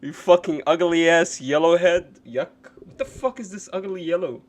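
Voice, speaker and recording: A man live-streaming a reaction to videos, cursing and mocking what he watches, going from low mutters to loud outbursts. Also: normal speed. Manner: profane, mocking, swings between muttering and yelling.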